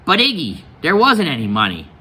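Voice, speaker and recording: A man reading aloud as a coarse adult woman who smokes, brash and loud-voiced. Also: fairly high pitch, huge pitch swings, fairly quick, husky, voice pushed up, heavily acted.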